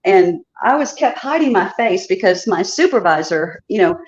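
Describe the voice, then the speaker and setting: A woman's voice: medium pitch, expressive, normal speed, darkish tone, lo-fi sound. A woman from Chicago calling in to a show, telling a story chattily with laughing asides. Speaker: caller. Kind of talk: casual storytelling on a call-in.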